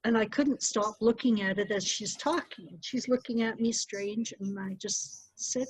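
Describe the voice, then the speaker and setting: A middle-aged woman, a storyteller, recounting a personal story with animated delivery. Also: mid-range voice, measured pace, few pauses, husky, dry recording. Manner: animated, lively retelling with acted-out quotes. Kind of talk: personal storytelling to a small group. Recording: dull, muffled dry recording.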